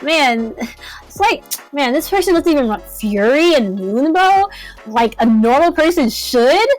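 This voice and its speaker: High-voiced excitable woman streamer. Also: measured pace, soft background music. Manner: excitable, mock-outraged. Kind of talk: live-stream game commentary.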